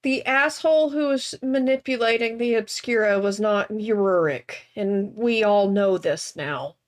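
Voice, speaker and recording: A woman playing a tabletop game, speaking gently and soothingly at a slow pace. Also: medium pitch. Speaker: player.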